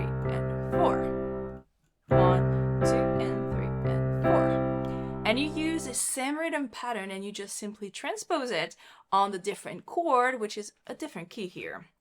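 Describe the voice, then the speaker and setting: A woman teaching rock keyboard patterns, explaining them cheerfully and counting beats aloud while she plays. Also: a little high. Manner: upbeat, instructive. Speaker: piano teacher. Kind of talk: keyboard lesson with demonstrations. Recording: loud piano playing alongside.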